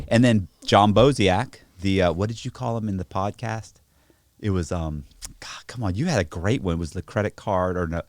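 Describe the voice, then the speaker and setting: Brief: low-pitched man, very lively delivery, profane storyteller on a podcast, dry close mic. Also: dry recording. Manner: animated, profane, acts out voices in stories. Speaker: podcast guest. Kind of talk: casual storytelling chat. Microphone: podcast studio mic.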